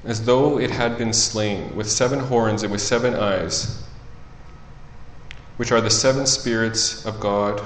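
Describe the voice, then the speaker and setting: A man preaching a sermon and reading scripture aloud, talking in a conversational way and swinging between soft, quiet stretches and louder, emphatic ones. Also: on the low side, unhurried, reverberant, a little hiss or hum, rough recording.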